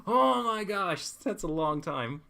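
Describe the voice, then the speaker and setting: This young man from California draws on a livestream and chats casually, reading comments aloud and bouncing off them with laughs. He speaks slowly in a high, bright, forceful voice with lively intonation and vocal fry.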